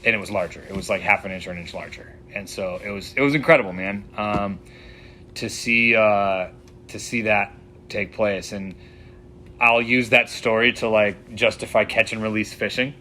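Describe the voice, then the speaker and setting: Bright-voiced man telling fishing stories. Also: on the low side, moderate pace, slight background noise. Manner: rambling and lively, with many "like" fillers. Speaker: fly fishing guide and shop owner. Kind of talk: casual storytelling in a podcast interview.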